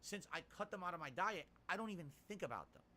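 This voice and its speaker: A man's voice: high-pitched, expressive, quick pace, bright, forceful tone, slight background noise. A middle-aged man streaming live, chatting casually and reading out viewer tips in a rambling, emphatic way. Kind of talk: casual livestream talk.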